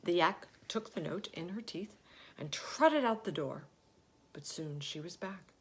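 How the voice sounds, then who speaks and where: Female storyteller, breathy lower voice, expressive read-aloud with hushed moments. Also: a little slow. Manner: expressive, drops to hushed whispers.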